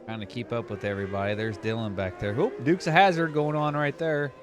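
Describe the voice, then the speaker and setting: A man commentating an online sim race he is driving in, narrating the action in casual, excitable chat. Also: mid-range voice, fairly quick, over music. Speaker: sim racing commentator and driver.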